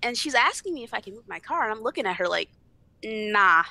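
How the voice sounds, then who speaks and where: A woman's voice: fairly high pitch, sing-song, very fast, creaky, pushed and bright, no echo. A young woman guest on a podcast, bluntly retelling a family argument with lots of swearing and acted-out dialogue. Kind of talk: casual storytelling chat.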